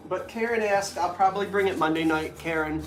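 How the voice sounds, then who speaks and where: A woman hosts a live stream about antiques, chatting casually and telling stories in a chatty, animated way. Her voice is on the low side and a little fast, heard far from the mic in an echoey room with faint music.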